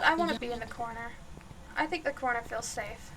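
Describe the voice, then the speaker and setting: A woman streamer chatting through a horror game live, jumpy and giggly, yelling out to the ghost now and then. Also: a little high, brisk. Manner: chatty, jumpy, laughs often, calls out loudly to the ghost.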